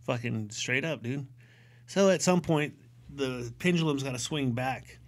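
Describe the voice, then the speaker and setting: A man's voice: medium pitch, a little slow. A man in casual podcast chat, arguing his point with heavy swearing. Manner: argumentative, swearing, emphatic. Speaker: podcast co-host.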